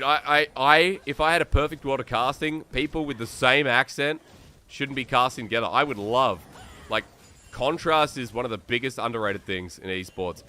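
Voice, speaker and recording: An Australian man solo-casting an esports match, excitable and chatty, thinking aloud and reading viewer comments between plays. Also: mid-range voice. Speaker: esports caster. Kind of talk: solo play-by-play commentary and chat. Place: New South Wales.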